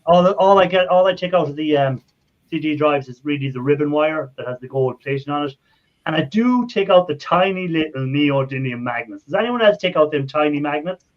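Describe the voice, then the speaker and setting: A man's voice: a little high, animated, fairly quick. An Irish man hosting a casual live chat, rambling and friendly, laughing often. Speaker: livestream host. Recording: dull lo-fi stream audio.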